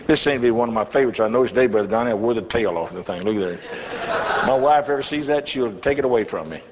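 A man's voice: mid-range voice, fast talker, crowd noise. An older man, a pastor, telling a folksy testimony in a sermon with chuckling asides. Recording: echoey hall, slightly dull with faint hiss.

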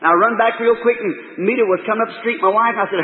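High-voiced impassioned preacher. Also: male voice, quick pace. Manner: impassioned folksy storytelling, swinging from loud to hushed. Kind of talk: sermon. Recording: echoey hall, thin phone-like old tape.

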